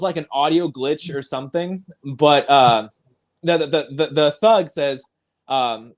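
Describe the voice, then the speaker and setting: A man's voice: on the high side, animated, a little slow. A man hosting a casual film discussion podcast, eagerly recapping scenes and often laughing. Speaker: podcast host.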